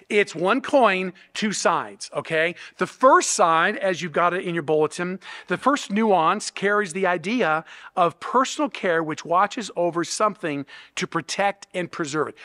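A high-pitched man preaches a sermon with a bright, forceful tone. He teaches earnestly and keeps checking that his listeners follow along. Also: long reverb tail. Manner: earnest teaching, with restarts and rhetorical "okay?" and "right?". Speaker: pastor.

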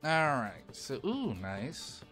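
A man's voice: mid-range voice, huge pitch swings, takes it slowly, fairly bright tone, soft background music. A man hosting a let's play, giving casual, chatty commentary and talking to his viewers.

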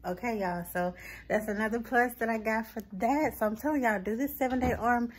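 A woman's voice: on the high side, fairly quick. A woman chatting casually to camera at home as a vlogger. She rambles and fills her talk with many ums.

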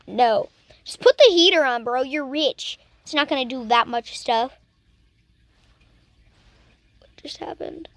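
A woman's voice: high voice, normal speed, no echo. A young woman chatting casually as she reacts to videos, teasing and talking back at the screen.

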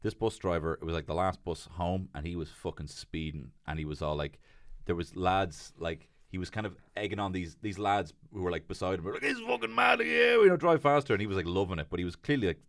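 A man's voice: deep voice, steady tone, fast, no echo. An Irish man hosting a casual comedy podcast, telling stories with lots of swearing and acted voices. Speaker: podcast host.

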